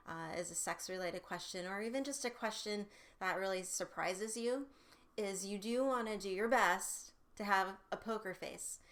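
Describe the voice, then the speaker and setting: A woman's voice: medium pitch, a bit bright. A woman sexual health educator giving upbeat, conversational parenting advice straight to camera, with casual fillers.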